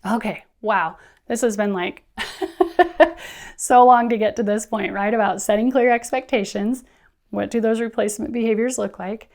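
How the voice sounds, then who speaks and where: A woman teacher trainer giving friendly, brisk instructional talk, often acting out what students and teachers say. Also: on the high side, steady tone, creaky, a little mellow. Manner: friendly, brisk, acts out classroom quotes.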